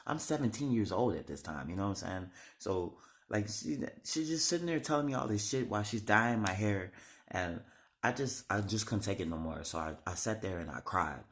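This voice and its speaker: A man in his thirties telling his life story to camera, halting and rambling with many restarts and blunt swearing. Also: lowish voice, fairly bright tone. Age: 30s. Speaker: vlogger.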